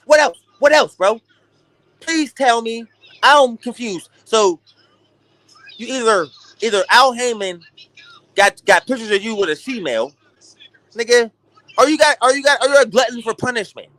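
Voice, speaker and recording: A young man hosting a boxing talk stream, ranting in an animated, profane, casual way. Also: sits high, no echo. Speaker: boxing talk show host. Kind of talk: casual livestream rant.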